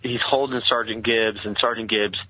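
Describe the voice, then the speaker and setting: A man telling a personal story in earnest, halting conversational speech with many restarts. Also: fairly low pitch, steady tone, husky, no room sound. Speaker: guest telling his story. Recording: tinny, phone-like sound.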